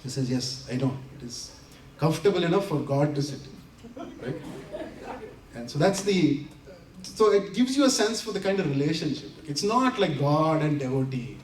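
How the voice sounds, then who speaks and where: This invited speaker shares anecdotes with a community center audience, laughing often as he acts out the quotes with animation. He has a fairly high voice and a moderate pace, recorded at a distance in a roomy hall with faint ambience.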